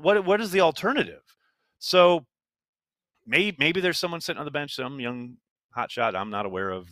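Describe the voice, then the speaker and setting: A man's voice: fairly low pitch, sharp tone, dry recording. A man co-hosting a casual sports podcast, talking emphatically with frequent exclamations. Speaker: podcast co-host.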